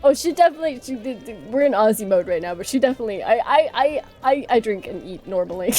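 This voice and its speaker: A woman's voice: fairly high pitch, animated, fast, a little mellow, soft background music. A woman streamer chatting casually on a livestream, playful and giggly, rambling as she talks.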